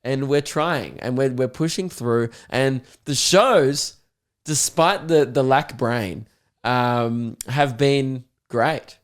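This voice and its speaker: A young man chats on his podcast in a medium-pitched voice. He tells stories with energy and slips into other people's voices as he goes. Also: slow. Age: young adult. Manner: animated storyteller who acts out voices of others. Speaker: podcast host and comedian. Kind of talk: casual podcast chat.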